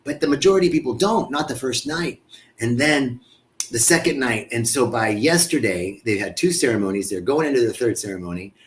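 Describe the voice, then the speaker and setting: A man's voice: mid-range voice, animated, a little fast. Effusive man hosting a live stream. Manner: effusive, greets viewers by name, stumbles and repeats words. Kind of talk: casual live-stream talk.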